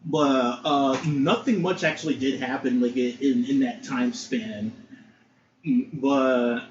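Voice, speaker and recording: A young man co-hosting a podcast, chatting in a relaxed, rambling way with many fillers. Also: mid-range voice, slow pace. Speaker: podcast co-host. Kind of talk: casual chat. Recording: roomy, dull lo-fi mic with faint noise.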